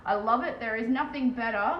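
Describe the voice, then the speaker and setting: Fast-talking Australian woman, echoey room. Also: fairly high pitch, highs cut off. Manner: very fast, chatty, swears casually. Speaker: live streamer and terrain painter. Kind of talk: casual live-stream chat. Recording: echoey room with faint background noise.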